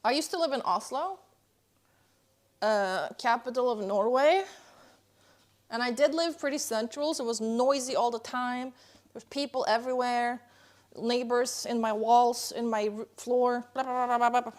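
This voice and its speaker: Young female streamer, bit higher voice, chatty and teasing, talking to chat from home. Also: normal speed. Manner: playful, chatty, reads and answers chat. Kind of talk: casual live-stream chat. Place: indoors at home, kitchen.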